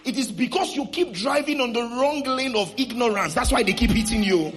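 A male pastor with a Nigerian accent, preaching a sermon to a congregation and leading shouted declarations. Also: very high-pitched, brisk, soft background music. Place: church hall with congregation.

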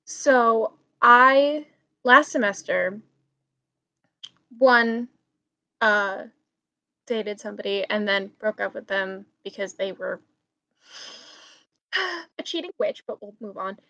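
A young woman in college telling a story over a video call, animated and breaking into loud exclamations. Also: mid-range voice, takes it slowly, pauses often, dry recording, highs cut off. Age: young adult. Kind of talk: casual chat.

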